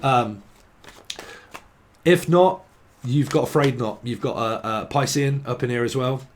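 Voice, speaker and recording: A man's voice: medium pitch, measured pace, a little hiss or hum. Rambling, jokey man. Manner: rambling, jokey, swears, playful word associations. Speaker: tarot reader. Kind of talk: casual tarot reading monologue.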